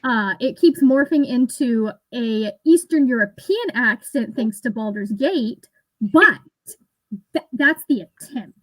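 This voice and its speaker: Chatty woman with a higher voice. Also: animated, slow pace, dry recording, rough recording. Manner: chatty, rambling, laughs often. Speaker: booktube host. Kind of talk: casual livestream chat.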